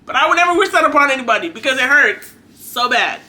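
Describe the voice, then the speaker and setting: A woman's voice: sits high, expressive, quick pace, sharp tone. A young adult woman giving an earnest, chatty faith talk to her viewers, exhorting and conversational. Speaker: faith vlogger. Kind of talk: casual preachy monologue.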